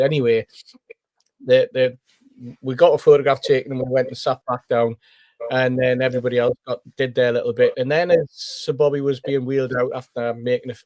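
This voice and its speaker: Man, podcast panelist, animated storytelling, dry close recording. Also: medium pitch, dry recording. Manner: animated storyteller, acts out quoted voices. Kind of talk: casual anecdote telling.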